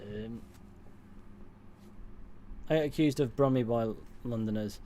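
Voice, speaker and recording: A man with a mid-pitched voice chats casually on a livestream. He reads viewers' comments aloud and answers them in a dry, offhand way. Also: takes it slowly, long pauses, noisy background. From England. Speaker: streamer reading chat.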